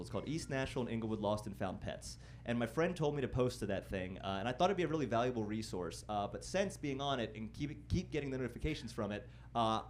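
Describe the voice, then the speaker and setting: A young man works a comedy club stage with a wry, self-deprecating delivery. His voice sits at an everyday middle pitch, and now and then he jumps into loud mock-singing or shouted impressions. A faint murmur of the club hangs behind him. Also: slight background noise. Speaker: stand-up comedian. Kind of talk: stand-up set. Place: comedy club stage before a live audience.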